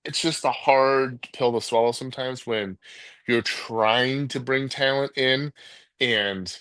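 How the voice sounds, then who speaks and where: A man's voice: medium pitch, fairly even intonation, takes it slowly, fairly bright tone, smooth, dry recording. A man co-hosting a sports call-in show, talking casually and rambling with many restarts and laughs.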